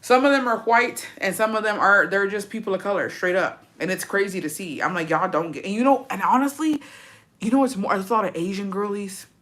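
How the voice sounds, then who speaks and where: A woman chatting casually and bluntly with her viewers, swearing freely and breaking into animated outbursts. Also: medium pitch, a little fast. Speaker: streamer reacting to chat. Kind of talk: casual profane chat.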